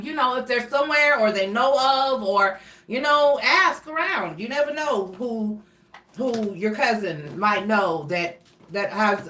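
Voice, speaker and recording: A woman's voice: medium pitch, pushed and bright, reverberant, far from the mic, a little hiss or hum. A woman giving a casual tarot reading, chatting freely and reading card meanings aloud, with restarts. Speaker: tarot reader.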